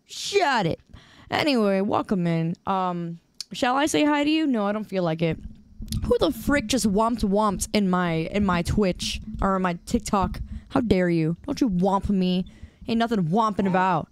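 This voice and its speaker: A woman's voice: mid-range voice, lively intonation, moderate pace, clear, resonant tone, no echo. A young woman streamer chatting with her viewers in a playful, teasing, mock-indignant way, on a streaming mic. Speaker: game streamer. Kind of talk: casual live-stream chat. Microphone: desk streaming mic with headphones.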